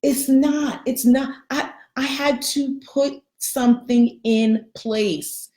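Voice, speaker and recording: A middle-aged woman giving an animated live coaching talk, greeting viewers by name. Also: high voice, takes it slowly, reverberant. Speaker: life coach.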